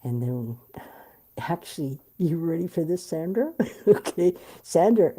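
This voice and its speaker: A middle-aged woman telling a personal story in an interview, animated and blunt, swearing freely. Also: sits low. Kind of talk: candid storytelling.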